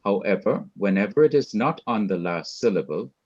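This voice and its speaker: A man with a Jamaican accent teaching a class, going through his points slowly and one by one. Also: lowish voice, lively intonation, a little mellow, breathy edge, muffled recording. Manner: slow, methodical, lists points one by one. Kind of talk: recorded class lecture.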